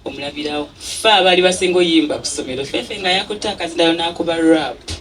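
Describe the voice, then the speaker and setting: Talking fast in a fairly low voice, this Ugandan-accented woman gives a heartfelt speech of thanks at an event, switching between English and Luganda and laughing frequently. The mic is distant, with a crowd audible in the background.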